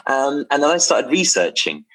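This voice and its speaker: A man telling a story to camera about his drinks brand, rambling and excitable, with many restarts and fillers. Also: medium pitch, moderate pace.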